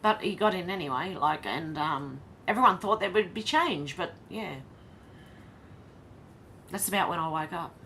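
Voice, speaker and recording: An Australian woman with a fairly low pitch and fairly bright tone speaks at a moderate pace, pausing often, with slight background noise. Hosting a casual livestream, she sounds tired and wry as she reads out chat comments.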